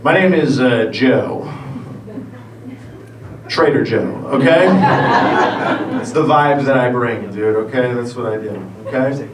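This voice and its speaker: A man's voice: mid-range voice, takes it slowly, pauses often, noisy background. Rambling stand-up comic in his thirties. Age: 30s. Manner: loose and rambling, bantering with the crowd. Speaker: stand-up comedian. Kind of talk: live stand-up set. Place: theater stage. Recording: roomy live theater sound from a distance. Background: audience ambience.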